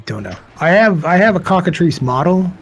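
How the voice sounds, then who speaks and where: A man's voice: high-pitched, sing-song, a little fast, soft background music, poor audio. A man from Florida chatting on a game stream, laid-back, profane and enthusiastic. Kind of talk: casual live-stream banter.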